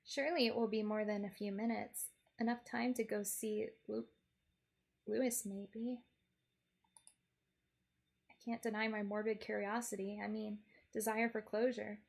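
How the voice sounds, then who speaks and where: A woman's voice: mid-range voice, flat delivery, unhurried, vocal fry, pauses often, slightly rough. A woman streamer narrating a game in character, in a wry, playful first-person storytelling manner.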